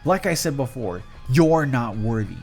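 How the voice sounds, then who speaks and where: A man's voice: medium pitch, expressive, unhurried, gravelly, darkish tone, soft background music. A man voicing a proud, vindictive young female rival trainer in a raised, frantic voice. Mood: defiant.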